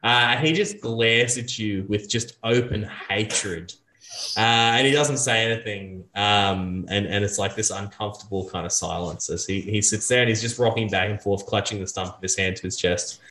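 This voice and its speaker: Bright-voiced man running a tabletop game. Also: on the low side, fairly even intonation, moderate pace, echoey room, slight background noise. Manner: narrates with many fillers and restarts. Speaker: game master.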